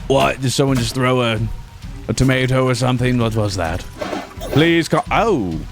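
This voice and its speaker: A man's voice: mid-range voice, steady tone, a little fast. A man giving sponsored gameplay commentary while hamming it up as a pompous mock emperor. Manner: hammy, pompous mock-emperor role-play. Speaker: gaming YouTuber. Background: background music.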